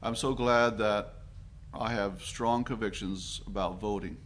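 A man's voice: fairly low pitch, steady tone, unhurried, fairly bright tone, a little hiss or hum. A Canadian man preaching a sermon in an earnest, reflective way, with frequent restarts and fillers.

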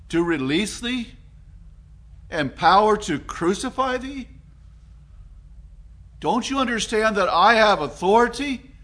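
A man's voice: sits high, bright, forceful tone, voice pushed up. A man voicing an exasperated Roman governor who presses a silent prisoner with insistent, pleading questions.

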